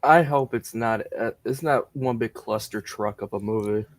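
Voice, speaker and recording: A man's voice: lowish voice, normal speed, dry recording. A man joining a casual movie podcast as a guest, slangy and emphatic in his opinions. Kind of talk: casual movie chat over a video call.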